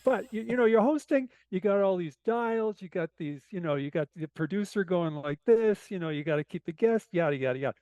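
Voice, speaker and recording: A man whose voice sounds naturally hoarse tells a rambling, self-deprecating story with lots of asides. His pitch sits a touch high for a man. The recording is dry and close. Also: expressive, brisk, few pauses, a little mellow, no echo. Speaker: podcast guest. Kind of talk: casual storytelling.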